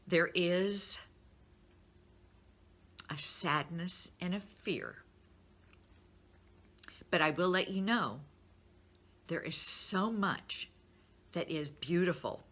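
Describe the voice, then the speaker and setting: A woman's voice: lowish voice, very slow, pauses often, a bit bright. A middle-aged woman speaking to her business network in a candid, encouraging way, openly sharing her feelings. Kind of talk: personal talk to a business network.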